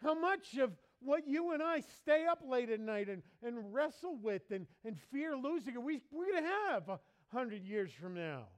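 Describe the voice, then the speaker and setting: A man preaching in a church as pastor, lively and playful, mimicking people for laughs. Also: very high-pitched, moderate pace, hardly any pauses. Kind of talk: sermon.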